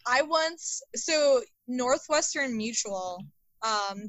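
A young woman co-hosting a podcast, telling stories in an animated, casual way with frequent laughs and fillers. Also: a little high, dry recording, poor audio. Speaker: podcast co-host. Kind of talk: casual storytelling chat.

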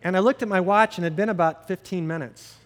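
Male pastor, middle-aged, slightly higher voice, candid and self-mocking storyteller. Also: fast, slight background noise. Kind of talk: sermon.

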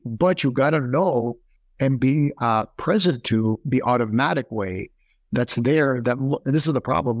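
A man talking as a podcast guest, animated and storytelling, acting out quoted voices as he explains. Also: medium pitch, dry recording. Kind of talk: conversational interview.

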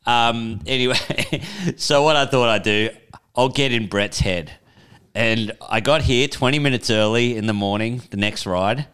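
A young man co-hosting a podcast, relaxed and teasing, laughing often. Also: medium pitch, measured pace, clean tone. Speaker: podcast co-host. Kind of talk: casual chat.

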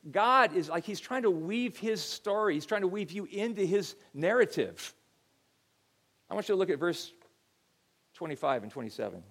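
Conversational middle-aged male pastor, higher voice. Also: big pitch swings, normal speed, fairly bright tone. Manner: conversational storytelling, frequent repeated words. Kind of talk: sermon.

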